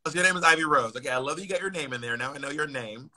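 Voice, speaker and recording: Bright, teasing American man on a live stream. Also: a little high, racing. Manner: blunt, teasing, playful. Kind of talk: casual live-stream chat.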